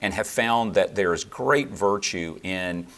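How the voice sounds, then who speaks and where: A man with a very low voice explains church history and doctrine in a measured, lecturing way. He pauses with fillers and restarts as he thinks, building long explanations. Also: a bit bright. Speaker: theologian guest. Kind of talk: explanatory interview answers.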